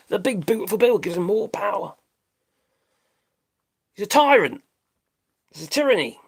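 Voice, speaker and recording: A man's voice: high voice, sing-song, normal speed, pauses often, husky. A middle-aged British man hosting a live stream, ranting in a blunt, rambling, sweary way and laughing at his own jokes. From Britain. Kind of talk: casual live-stream commentary.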